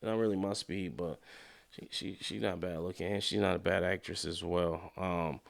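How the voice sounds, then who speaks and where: A man casually recapping a TV episode, animated and slangy, with frequent swearing and acted-out character lines. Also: deep voice, moderate pace, creaky. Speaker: TV show recap commentator.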